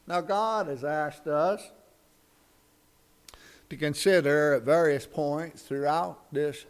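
Man pastor preaching slow, higher voice, folksy jokes. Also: fairly even intonation, clean tone. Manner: folksy, humorous storytelling. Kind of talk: sermon.

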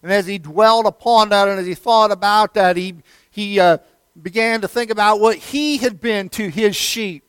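A man preaching a sermon as pastor, who swings between loud, emphatic declarations and hushed near-whispers, repeating phrases and calling his listeners friend. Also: high voice, moderate pace, smooth, no room sound.

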